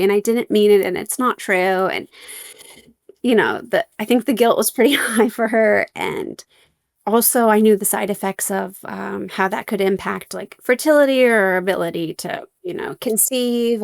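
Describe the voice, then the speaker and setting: A woman's voice: medium pitch, gravelly, no room sound, studio quality. A young adult woman, a podcast guest, telling her story candidly with wry humor and many fillers.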